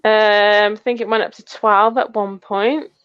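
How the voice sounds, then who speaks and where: A woman's voice: medium pitch, fairly even intonation, measured pace, fairly bright tone, lo-fi sound. An English woman co-hosting a casual live chat, teasing her friend and reading out viewer comments. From England. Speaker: co-host of a metal detecting channel.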